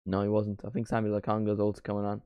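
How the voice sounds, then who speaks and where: A man's voice: fairly low pitch, monotone, racing, clear, resonant tone, no echo, lo-fi sound. A man hosting a live football watchalong, chatting casually with a jokey, rambling manner.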